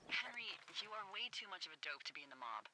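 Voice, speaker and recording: A wry fire lookout on the radio. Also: female voice, lowish voice, big pitch swings, fast talker, very noisy. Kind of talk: video game voice acting. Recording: game audio with clear music behind.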